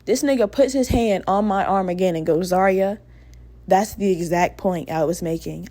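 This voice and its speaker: A young woman hosting a podcast, telling a personal story in a candid, profane, animated way. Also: mid-range voice, normal speed. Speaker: podcast host. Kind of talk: casual storytelling monologue.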